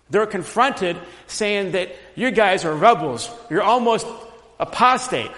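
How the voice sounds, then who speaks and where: A man gives a sermon at an unhurried, deliberate pace, his fairly high voice carried by a long reverb as in a large hall. He explains a text step by step and swells to loud, passionate repetition of key phrases. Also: lively intonation. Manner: emphatic preaching, rising loud on repeated phrases. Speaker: pastor.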